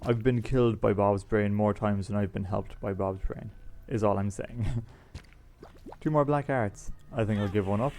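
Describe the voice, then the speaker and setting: A man's voice: lowish voice, measured pace, darkish tone, slight background noise. A man chatting casually as he plays a video game, rambling and explaining the items. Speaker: gaming YouTuber. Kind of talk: casual let's-play commentary.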